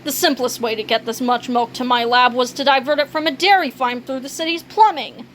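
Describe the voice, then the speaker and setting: A woman's voice: high voice, fairly quick, a bit bright, a little hiss or hum. A woman putting on a pompous scheming monkey scientist. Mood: explaining. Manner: grandiose, self-important.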